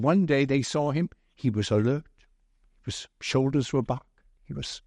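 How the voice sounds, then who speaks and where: A man preaching a sermon slowly and deliberately, telling a gentle humorous story along the way. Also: mid-range voice, expressive, dry recording, studio quality.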